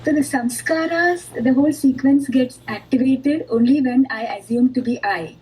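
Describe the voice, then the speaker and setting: A woman's voice: high voice, moderate pace, darkish tone, a little hiss or hum, low-quality recording. A woman student asking her teacher questions in a class and searching for her words.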